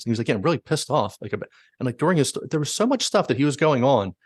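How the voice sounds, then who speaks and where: Very animated and rapid-fire, this podcast host has a medium-pitched, slightly rough voice. He casually retells stories, full of "likes" and quoted asides, in a dry, studio-quality recording.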